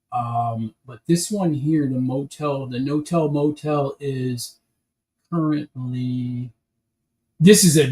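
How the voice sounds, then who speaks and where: Rambling man, mellow voice. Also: a little high, low-quality recording. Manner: rambling, restarts sentences often. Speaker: building-set streamer. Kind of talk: casual livestream chat while building.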